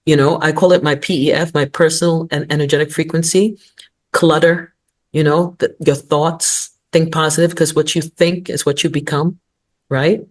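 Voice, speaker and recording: A woman's voice: low voice, moderate pace. A woman in her sixties, a guest on an interview show, telling stories and giving motivational advice with frequent laughter. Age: 60s. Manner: lively, laughs often, motivational, storytelling. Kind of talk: casual interview talk.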